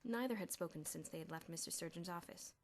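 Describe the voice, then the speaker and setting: A woman reading a children's novel aloud as an audiobook, with an expressive delivery. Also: fairly low pitch, fast talker. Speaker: audiobook reader. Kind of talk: audiobook narration.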